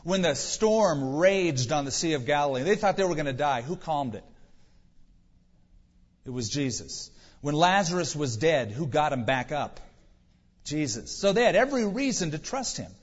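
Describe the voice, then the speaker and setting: A man's voice: a little high, big pitch swings, moderate pace. A male pastor preaching a sermon, driving points home with emphatic rhetorical questions. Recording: dull reverberant hall recording.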